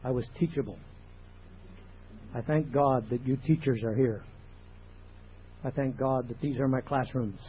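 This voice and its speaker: A man from Canada opens his talk at a recovery meeting with a joke and words of thanks, speaking at a middle pitch. The sound is muffled, with a faint hiss from an old 1980s tape. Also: measured pace, long pauses. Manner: joking, grateful, warm address. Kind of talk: personal sharing at a meeting.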